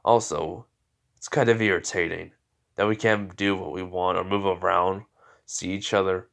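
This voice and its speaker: A man voicing a grumpy giant male nine-tailed fox spirit in a spoken fan story, gruff and grumbling, a bit lower than his own voice. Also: flat delivery, normal speed, fairly bright tone.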